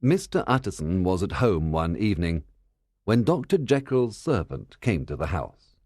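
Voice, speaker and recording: A man narrating a story for English learners in a clear, measured reading style. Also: deep voice, big pitch swings, a little mellow, no room sound, studio quality.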